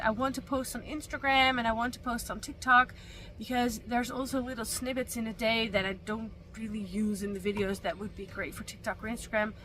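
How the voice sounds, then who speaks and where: Chatty woman vlogger, high voice. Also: fairly bright tone, slight background noise. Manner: chatty, rambling, many fillers and restarts. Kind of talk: casual vlog chat. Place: camper van.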